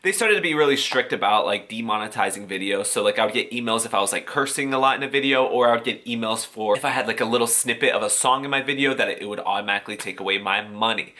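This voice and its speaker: Sassy, bright-voiced man vlogging. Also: mid-range voice, fast, few pauses. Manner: sassy, profane, animated, with put-on quoted voices. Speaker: YouTuber. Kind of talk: casual vlog explaining monetization.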